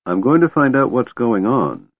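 A man voicing a resolute half-elf leader who speaks calmly and coldly, in a tinny audiobook recording. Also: fairly low pitch, normal speed. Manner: calm and cold.

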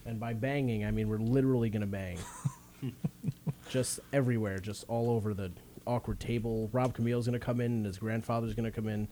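A man's voice: on the low side, steady tone, a little fast, mellow, slight background noise. A young man hosting a casual group podcast, joking and teasing his co-hosts. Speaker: podcast host.

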